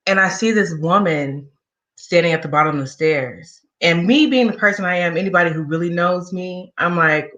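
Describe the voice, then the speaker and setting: A woman's voice: lowish voice, moderate pace, a bit bright, lo-fi sound. A woman in an interview recounting a personal story in a candid, conversational way with wry asides. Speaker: guest sharing a personal story.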